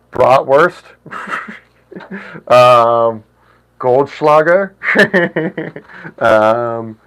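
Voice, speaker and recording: A man in his late thirties talks casually to his live chat at a middle pitch. He laughs easily and pauses often, feeling his way through phrases in other languages. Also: a bit bright, smooth, rough recording. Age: 30s. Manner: chatty, laughs often, halting attempts at foreign words. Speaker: livestream host.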